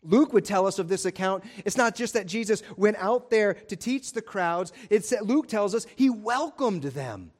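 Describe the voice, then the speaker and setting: A man's voice: high-pitched, lively intonation, normal speed, hardly any pauses. A male pastor preaching a sermon in an emphatic, repetitive style.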